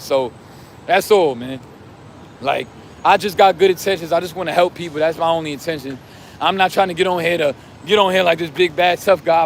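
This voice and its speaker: A man vlogging outdoors who rambles in street slang and keeps saying "you know what I'm saying", while he is losing his voice and going hoarse. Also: high-pitched, slight background noise. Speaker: vlogger and self-styled life coach. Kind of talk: casual monologue to camera.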